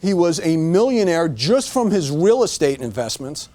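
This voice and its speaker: A man's voice: fairly high pitch, very animated, moderate pace, mellow. A middle-aged man giving a motivational talk to staff, emphatic and punching his points with repeated "okay?". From United States. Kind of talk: motivational speech. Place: room with a staff audience.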